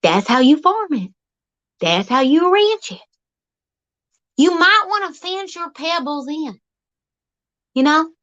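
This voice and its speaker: Woman vlogger, high and bouncy, unhurried, folksy comic rambling. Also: muffled recording. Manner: folksy, rambling, animated, teasing. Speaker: vlog host. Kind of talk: playful comic monologue. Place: outdoors.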